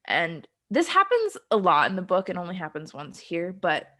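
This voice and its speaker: A woman's voice: fairly low pitch, wildly swooping pitch, normal speed, sharp tone. A young adult woman co-hosting a podcast, casually recapping a film plot in a rambling way, with lots of ums and frequent giggles. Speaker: podcast co-host. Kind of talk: casual chat.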